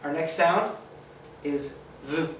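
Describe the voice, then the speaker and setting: A male teacher giving a phonics lesson to children, sounding out letters slowly and encouragingly. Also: on the high side, slight background noise. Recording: echoey room, mic at a distance.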